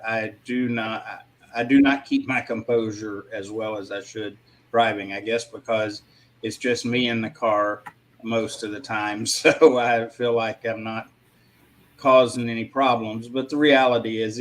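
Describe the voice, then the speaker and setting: A man in a casual panel discussion, speaking in a reflective way with frequent pauses. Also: fairly low pitch, a little hiss or hum, rough recording.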